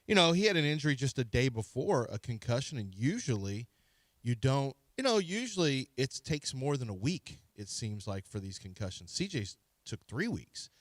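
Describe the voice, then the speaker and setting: Male co-host, mid-pitched, measured analysis, dry studio sound. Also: sing-song, no room sound. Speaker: sports radio co-host. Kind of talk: sports radio analysis.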